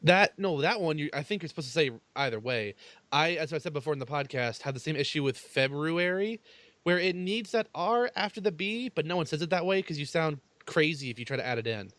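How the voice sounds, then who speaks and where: A man's voice: fairly high pitch, lively intonation, brisk, fairly bright tone, no room sound. A man co-hosting a casual podcast chat, trading wry jokes. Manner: joking, wry. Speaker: podcast co-host.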